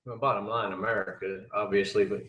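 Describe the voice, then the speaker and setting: A middle-aged man, a guest on a casual live chat, making relaxed, drawling asides. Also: lowish voice, a little fast, roomy sound, rough recording.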